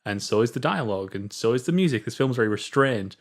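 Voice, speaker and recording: Measured British man analysing a film. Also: mid-range voice, lively intonation. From Britain. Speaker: film review host. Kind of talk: casual film review chat.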